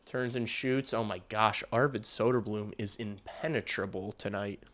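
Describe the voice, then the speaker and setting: A man hosting a hockey livestream, calling the game in casual play-by-play and getting loud and excited on big chances, with some swearing. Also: lowish voice, normal speed. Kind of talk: casual live play-by-play commentary.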